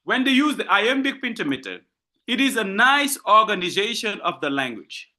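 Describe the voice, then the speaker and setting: A man's voice: high voice, sing-song, normal speed, bright, forceful tone. A man giving a university literature lecture, explaining step by step, repeating key points and asking and answering his own questions.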